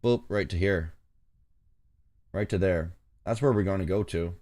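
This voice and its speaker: A forex trader hosts a livestream, chatting loosely and cracking jokes in simple, clipped phrases. His voice is low and mellow, at a normal speed.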